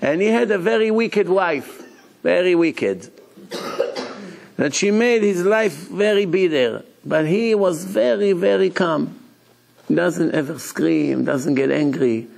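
A rabbi lectures in an animated, storytelling way, his English grammar nonstandard. His voice is slightly high and gravelly. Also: takes it slowly.

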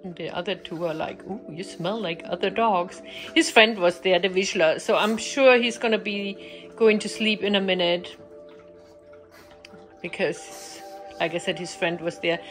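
A woman's voice: lowish voice, a little slow, a bit bright, soft background music. A young woman vlogging about her pet dogs, talking casually and cooing to them in baby talk. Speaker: pet vlogger, dog owner.

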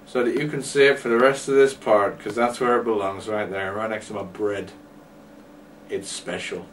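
A man's voice: fairly low pitch, fairly even intonation, moderate pace. A man rambling and joking to himself while commentating his game, with a distant mic and faint noise. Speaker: gamer. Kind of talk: let's play commentary.

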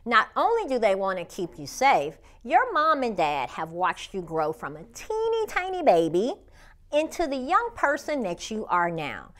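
A woman hosting a children's Bible lesson, speaking straight to the kids in a lively way. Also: on the high side. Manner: lively, addresses children directly.

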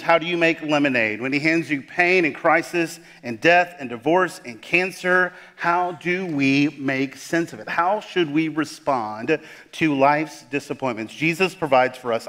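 A man preaching in a church sanctuary, his slightly high voice carrying a long reverb tail. He delivers the sermon with dramatic weight, hammering key words and then falling quiet on the gravest ones. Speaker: pastor.

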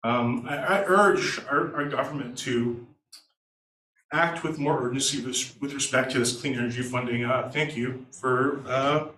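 A man's voice: mid-range voice, steady tone, moderate pace, fairly bright tone, recorded from a distance. A man, a law student, giving earnest public testimony at a hearing, growing emotional and urgent. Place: hearing room. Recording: roomy hall audio from afar, faint noise.

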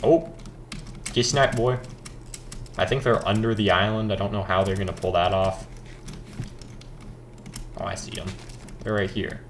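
A man's voice: lowish voice, steady tone, unhurried, long pauses. A teenage boy rambling casually while gaming, laid-back and mumbling with hesitant fillers. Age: teens. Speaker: gaming vlogger. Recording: faint background noise, keyboard clicks.

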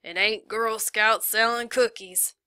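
A woman voicing a gruff, sarcastic male camp guard with a drawl. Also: a little high, steady tone, slow, sharp tone, no room sound, studio quality.

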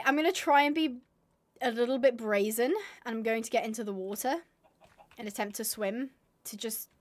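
A woman's voice: fairly high pitch, moderate pace. A woman streaming a game live, chatting and mocking herself as she talks to her animals. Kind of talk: live gameplay commentary.

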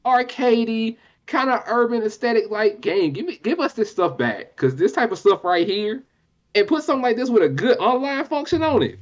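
A young man co-hosting a casual gaming podcast, talking in an animated, slangy, nostalgic way. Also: very high-pitched, normal speed, lo-fi sound. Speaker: podcast co-host.

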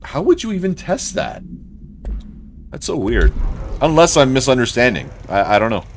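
Lively, swearing young gamer guy. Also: medium pitch, moderate pace, slight background noise. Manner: animated, swears often, thinks aloud. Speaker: let's play gamer. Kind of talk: casual gameplay commentary.

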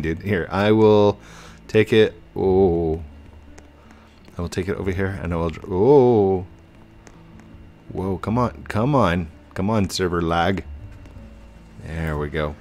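A man in his thirties giving casual, chatty commentary while gaming, excitable and breaking into high squeals. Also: moderate pace, long pauses, soft background music. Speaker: YouTuber.

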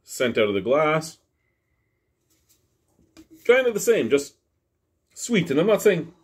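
A man's voice: fairly high pitch, very animated, slow pace, husky. A man casually reviewing a beer to camera at home, joking and rambling in a self-deprecating way. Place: home basement.

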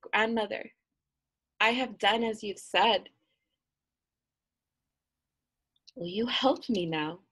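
A woman's voice: medium pitch, measured pace, a bit bright, husky. A woman voicing a desperate young village girl in a told folk tale, pleading and stammering when flustered. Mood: obedient.

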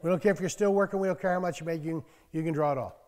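This is a man in his sixties preaching to a small congregation, with a voice pitched a little higher than most men's. He talks in a folksy, storytelling way and breaks into loud emphasis when he reads scripture. The sound carries a long reverb from the church hall. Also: racing. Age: 60s. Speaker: pastor. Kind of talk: conversational sermon.

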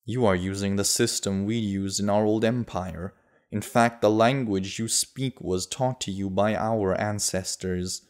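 A man's voice: lowish voice, fairly even intonation, measured pace, darkish tone, lightly acted. A man voicing a proud, blunt young female elf in an audiobook, in a dismissive way.

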